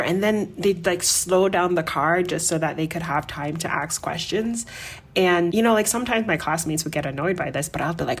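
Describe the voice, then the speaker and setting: A woman from Jamaica, a podcast guest, telling animated stories with laughter and acted-out voices. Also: fairly low pitch, normal speed, slight background noise. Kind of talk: casual storytelling.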